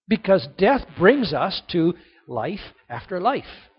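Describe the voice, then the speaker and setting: A man with a high, gravelly voice delivers a sermon from the pulpit, trading rhetorical questions for hushed passages. His voice is breathy and rough. The recording is dull and lo-fi. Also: expressive, very slow. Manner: preaching with rhetorical questions, swinging from loud emphasis to hushed tones. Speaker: pastor.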